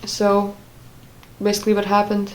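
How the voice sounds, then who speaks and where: A young woman telling a personal story in a casual, halting way, often stopping to search for words. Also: medium pitch, completely flat delivery, poor audio. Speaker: vlogger.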